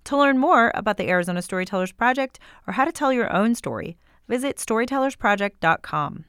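A woman, creator of a storytelling series, reading a scripted promotional announcement clearly. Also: on the high side, expressive, fairly quick, a bit bright, dry recording, studio quality.

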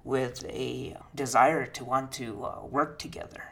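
A male artist speaking in a measured way in an interview, with a few fillers. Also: mid-range voice, creaky, fairly bright tone. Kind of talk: interview clip.

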